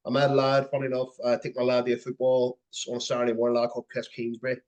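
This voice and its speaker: Quick-talking man in his thirties hosting. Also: medium pitch, monotone, a little mellow. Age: 30s. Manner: chatty, encouraging, swears casually. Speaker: podcast host. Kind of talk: casual conversation.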